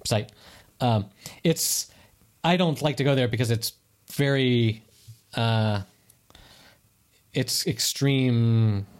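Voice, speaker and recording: A man's voice: mid-range voice, slow, long pauses. Dry-witted man hosting a podcast. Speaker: podcast host. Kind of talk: casual podcast chat.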